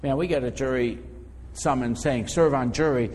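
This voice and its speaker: A man's voice: mid-range voice, moderate pace, a little mellow, breathy edge, long reverb tail. A man preaching a sermon as pastor, talking in a loose conversational way and often repeating words as he finds his phrasing.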